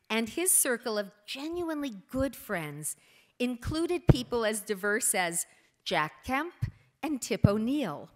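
Middle-aged woman, earnest gala speech, slightly low voice, measured delivery. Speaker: gala speaker, daughter of the foundation's namesake. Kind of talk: prepared tribute speech. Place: hotel ballroom.

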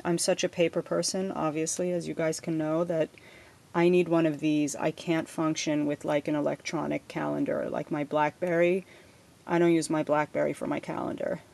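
A woman's voice: low voice, level tone, moderate pace, creaky, darkish tone. A middle-aged woman unboxing a gift package in a vlog at her home desk, gushing with effusive thanks. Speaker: crafting vlogger. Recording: noisy home recording with paper rustling.

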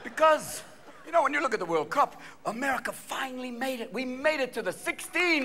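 Hyper male stand-up comic on stage, very high, bright and jumpy, with a faint crowd behind. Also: lively intonation, creaky, noisy background. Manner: manic, rapid-fire, jumping between voices and shouts. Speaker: stand-up comedian. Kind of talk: stand-up comedy. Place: theater stage before a live audience.

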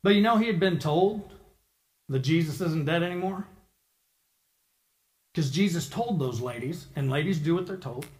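Male preacher, slightly high voice, animated storyteller who voices the people in his story. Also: normal speed, pauses often. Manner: lively storytelling, acting out the people in it. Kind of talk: sermon.

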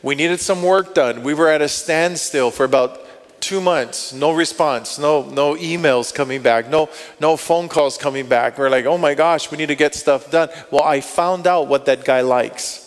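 A male pastor telling stories in a sermon, animated, acting out what people said and thought. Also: on the high side, a little slow. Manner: animated, acts out quotes and inner thoughts. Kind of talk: storytelling sermon. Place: church sanctuary. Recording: long hall reverb.

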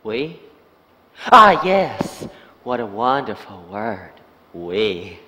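A sly, unhinged madman, played by a man on stage drags his words slowly, then leaps into shrieking pleas. His bright, tense voice swoops wildly up and down. A long theatre reverb hangs on every line. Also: fairly low pitch, very animated, heavily acted. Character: unhinged male asylum patient, sly and volatile. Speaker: stage actor. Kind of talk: live stage acting.

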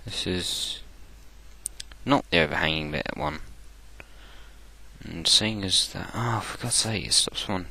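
A man's voice: fairly low pitch, very animated, slow pace, vocal fry, pauses often, pushed and bright. A man with an Essex accent, rambling through game commentary, joking and talking to himself in an irreverent way. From England. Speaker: gaming channel host.

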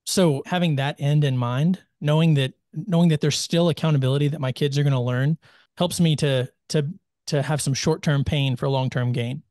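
A man's voice: on the high side, steady tone, moderate pace, darkish tone, dry recording. Earnest man with dry close sound. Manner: earnest, reflective. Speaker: podcast guest. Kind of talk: casual podcast talk.

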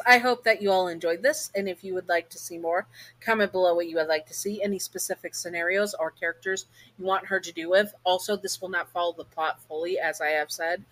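A woman narrates a fan story straight to the listener in a relaxed, chatty way. Her voice sits on the lower side for a woman. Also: low-quality recording. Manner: casual, chatty. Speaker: storyteller, channel host. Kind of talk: second-person storytelling.

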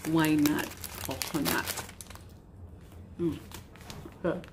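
A woman vlogger chatting casually while she tastes snacks, unhurried and talking between bites. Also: sits low, steady tone, background noise. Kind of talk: casual food-tasting vlog.

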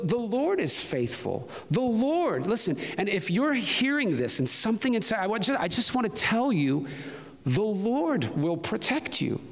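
A man preaching a personal testimony sermon as pastor, telling his story earnestly and rising to fervent emphasis. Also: sits high. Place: church sanctuary. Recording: long reverb of a large hall.

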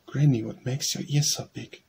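A man's voice: mid-range voice, fairly even intonation, normal speed, creaky, a little hiss or hum, lightly acted. A man reading as an innocent little girl. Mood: timid. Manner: bright and innocent.

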